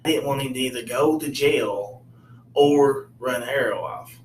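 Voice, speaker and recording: A man's voice: mid-range voice, a little slow, echoey room, recorded from a distance, slight background noise, rough recording. A man telling a comic personal story in a rambling, wry way with many asides.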